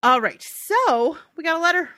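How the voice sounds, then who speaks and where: Lively, bright-voiced woman podcast co-host. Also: very high-pitched, moderate pace, no room sound, studio quality. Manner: animated, rambling, laughs often. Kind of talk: casual chat.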